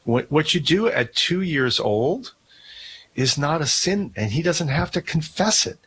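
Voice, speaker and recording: A man hosting a call-in radio show, explaining in a calm, plain way. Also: on the high side, measured pace, slight background noise. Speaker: radio host.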